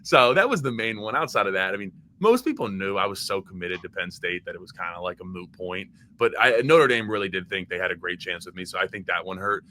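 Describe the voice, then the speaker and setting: Here the former college football player from Maryland, a young adult guest on a podcast, talks low, animated and fast, barely pausing. His tone is bright and forceful, and his relaxed chatter is loose, packed with fillers and restarts.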